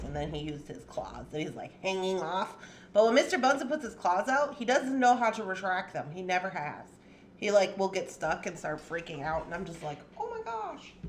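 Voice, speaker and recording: A woman with a mid-range voice hosts a casual jewelry-making livestream from her home craft space, with slight background noise. She's chatty and playful, laughing often.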